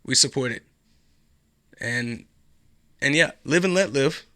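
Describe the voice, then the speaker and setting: A man's voice: mid-range voice, slow pace, sharp tone, no room sound, studio quality. A man hosting a podcast alone, talking in a rambling, sarcastic and profane way. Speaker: podcast host. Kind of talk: casual solo commentary.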